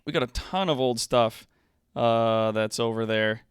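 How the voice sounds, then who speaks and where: An upbeat man hosts a live stream and chats loosely with his audience, wandering from thought to thought with many fillers. His voice is smooth and clean, with a middle pitch. It is recorded close and dry on a desk microphone, with no room sound. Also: measured pace, dry recording. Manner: rambling, upbeat, lots of fillers. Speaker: live streamer, show host. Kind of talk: casual live-stream chat.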